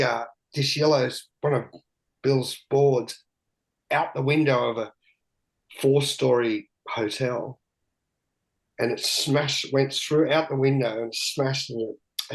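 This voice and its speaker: A man's voice: mid-range voice, rough recording. Man, middle-aged, candid, rambling storyteller, salty language. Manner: loose and candid, swears freely, often laughs mid-story. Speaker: podcast guest, big wave surfer. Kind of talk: candid storytelling in casual conversation.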